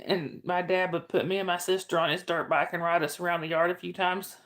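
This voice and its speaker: A woman's voice: on the low side, fairly even intonation, a little fast. A middle-aged woman, hosting a casual livestream and chatting with viewers by name. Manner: chatty, greets viewers by name, answers chat questions. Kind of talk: casual live chat.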